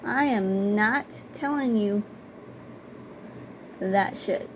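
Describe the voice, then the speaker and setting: Speaking at a measured pace in a medium pitch, a young woman tells personal stories in a laid-back vlog. She talks plainly and conversationally, often repeating words for emphasis, against a noisy background.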